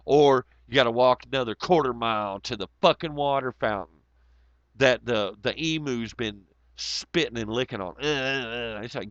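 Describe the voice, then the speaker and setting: A man's voice: mid-range voice, normal speed, a bit bright, no room sound. A man hosting a casual livestream, reading chat comments aloud and rambling in a profane, sarcastic way. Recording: dull lo-fi audio.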